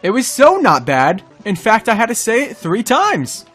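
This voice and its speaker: Excitable high-voiced young gamer man. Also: normal speed, breathy edge, faint music behind. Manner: excitable, yelps and shouts at the game; talks to himself and the enemies. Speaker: gaming YouTuber. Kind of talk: excited gameplay commentary.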